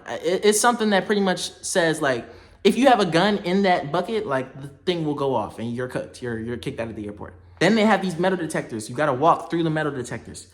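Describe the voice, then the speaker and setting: A young man telling a story to the camera, animated and slangy, laughing often. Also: a little high. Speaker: vlogger.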